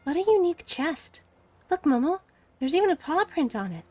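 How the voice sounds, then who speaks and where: A woman's voice: high-pitched, big pitch swings, a little fast, dark tone, pitched above the performer's own voice. A woman reading aloud as a cheerful, curious young heroine from a game, in a raised, eager voice.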